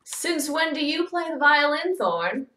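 A woman voicing a playful, bantering gentleman in a read-aloud storybook, pitched higher and louder than her narration. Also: sing-song, unhurried. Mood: teasing. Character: teasing, jovial gentleman friend. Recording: echoey room, distant mic.

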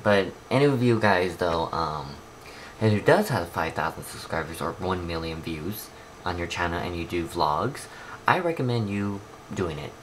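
A man's voice: low voice, moderate pace. Rambling man vlogging on noisy camera audio. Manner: rambling, talks to camera, drifts between mumbling and excited outbursts. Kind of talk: casual vlog chat. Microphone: handheld camera.

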